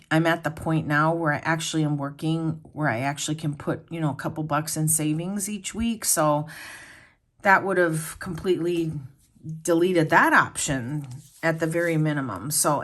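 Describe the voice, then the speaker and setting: A middle-aged woman with a notably low voice chats casually with her viewers at home. She rambles from one thing to the next and talks to them as friends. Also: moderate pace, a bit bright. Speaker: planner vlogger. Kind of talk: casual chat.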